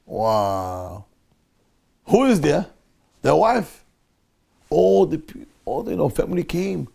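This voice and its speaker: A man's voice: fairly high pitch, slow pace, vocal fry, husky. A male rabbi teaching a Torah class, telling a story with animation and acting out the people in it. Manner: animated storyteller who acts out the people in his tale.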